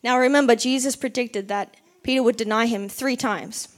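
A woman's voice: a little high, fairly even intonation, moderate pace. A woman giving a casual sermon, chatty and full of "like", acting out the people in the story as she retells it. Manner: chatty, uses "like" often, acts out quotes. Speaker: preacher.

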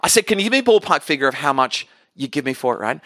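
High, bright-voiced man preaching energetically. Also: very fast, dry recording, studio quality. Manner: energetic, humorous, repeats words. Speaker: guest pastor. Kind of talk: storytelling sermon. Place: church hall.

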